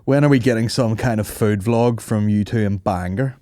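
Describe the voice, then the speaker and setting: A man's voice: fairly low pitch, moderate pace, dark tone, no room sound. A man hosting a podcast, swearing and teasing his guest in casual chat. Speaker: podcast host.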